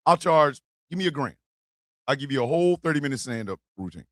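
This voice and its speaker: A man with a mid-range voice hosts a comedy podcast, ranting fast and animatedly in a crude, mocking style, laughing in bursts. He's close on the mic, with no room sound.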